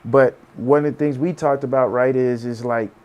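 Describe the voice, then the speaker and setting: This is a male podcast host with a voice at an everyday middle pitch. He asks questions and builds up his guest in an encouraging, coach-like manner. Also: steady tone, normal speed, darkish tone. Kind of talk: conversational interview.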